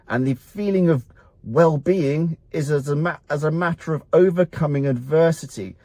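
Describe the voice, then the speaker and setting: A middle-aged man talks straight to camera as a doctor, blunt and motivational, and keeps asking rhetorical questions and answering them himself. His voice sits at an ordinary middle pitch. The recording is dry and close, with no room sound. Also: mellow, no room sound. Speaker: doctor at a men's health clinic. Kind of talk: direct-to-camera health talk.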